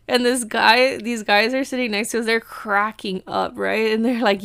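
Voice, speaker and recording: A woman's voice: on the high side, fairly even intonation, moderate pace, few pauses, fairly bright tone, smooth, no room sound. A young woman vlogger recounts her week in a chatty, laughing way and drops Spanish phrases into her talk. The recording is dry and close, with no room sound. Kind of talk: casual storytelling vlog.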